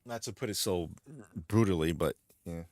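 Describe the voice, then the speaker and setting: A man's voice: sits low, normal speed, darkish tone, no room sound, studio quality. A man hosting a gaming stream, rambling casually and making his points emphatically, with frequent repeats. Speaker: streamer host.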